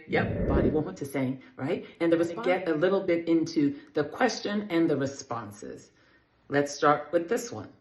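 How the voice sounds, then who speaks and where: A man hosting a casual spoken lesson on greetings, upbeat and encouraging, often checking in with the listener. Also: on the high side. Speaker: language and culture teacher, channel host. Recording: roomy echo.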